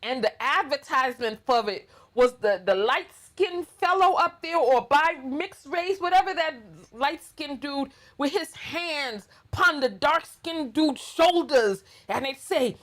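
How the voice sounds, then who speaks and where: A woman's voice: sits high, expressive, measured pace, few pauses, fairly bright tone. A middle-aged woman with a New York accent hosting a blunt, sassy reaction commentary monologue. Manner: sassy, blunt, emphatic ranting. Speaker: commentary channel host.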